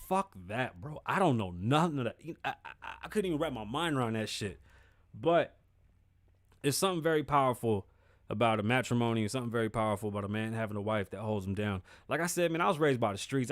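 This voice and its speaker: A man's voice: mid-range voice, dry recording, studio quality. A man hosting his own show, talking candidly about feelings and relationships in casual, profane street slang. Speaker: podcast host. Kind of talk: casual solo commentary.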